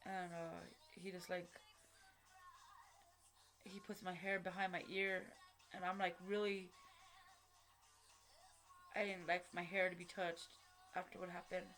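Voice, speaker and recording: A woman tells a personal story in a halting way, with many fillers and restarts. She is blunt and swears casually. A faint bed of music plays under her voice. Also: fairly low pitch, level tone, fairly bright tone. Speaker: vlogger.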